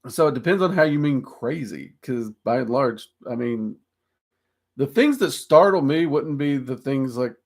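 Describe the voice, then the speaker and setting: Southern-drawl man, forties, livestream host, rambling and blunt, mid-pitched voice. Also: vocal fry, a little mellow. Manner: frank, rambling, with frequent ums and self-deprecating laughs. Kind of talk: casual livestream chat reading viewer questions.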